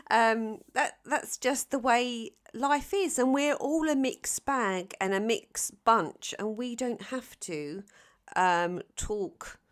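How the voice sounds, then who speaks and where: In a casual tarot reading to camera, a woman with a South London Cockney accent, from London, chats playfully, often restarting and saying um. Her voice sits at medium pitch with a fairly bright tone.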